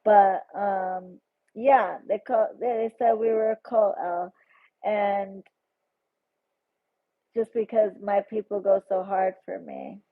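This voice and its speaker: A woman's voice: medium pitch, fairly even intonation, takes it slowly, long pauses. A woman hosting a casual livestream, chatty and effusive as she reads out viewer comments. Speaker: tarot livestream host. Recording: phone-like narrow sound.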